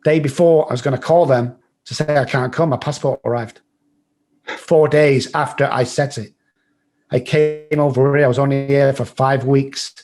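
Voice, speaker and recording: A middle-aged man from England with an English accent, a guest telling his life story bluntly, swearing freely and acting out other people's lines. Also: medium pitch. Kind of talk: storytelling in an interview.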